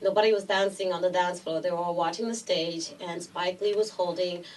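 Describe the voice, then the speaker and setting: A middle-aged woman from Brooklyn with a New York Puerto Rican accent, telling a story in an interview, animated and acting out voices. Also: fairly low pitch, brisk, distant mic, a little hiss or hum, rough recording. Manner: lively storyteller, acts out voices, laughs often. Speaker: guest actress.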